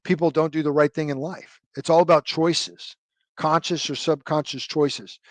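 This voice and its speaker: A man's voice: fairly high pitch, fairly even intonation, moderate pace, no echo. A middle-aged man and retired army officer telling stories in an interview, rambling and full of fillers and tag questions. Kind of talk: conversational storytelling interview.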